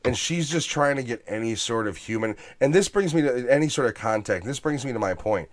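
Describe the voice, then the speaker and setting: Brief: male host, animated, profane, acts out bits, dry close sound, mid pitch. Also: fairly quick, dry recording. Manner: animated, swears, acts out movie lines. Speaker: podcast host. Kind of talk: casual movie review chat.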